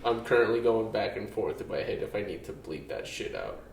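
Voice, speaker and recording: A man's voice: lowish voice, sing-song, fairly quick, creaky, a little hiss or hum. A man co-hosting a podcast, chiming in with laid-back, short interjections. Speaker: podcast co-host. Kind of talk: casual podcast chat. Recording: roomy echo.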